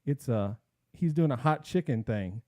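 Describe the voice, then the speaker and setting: A man hosting a casual podcast, telling an animated story and acting out what people said. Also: medium pitch, unhurried, dry recording, clean studio sound. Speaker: podcast host.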